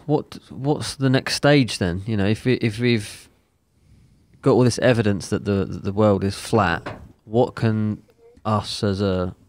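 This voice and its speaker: A man's voice: lowish voice, fairly even intonation, a little slow, darkish tone, no echo. A man hosting a casual podcast, asking questions hesitantly and often repeating words.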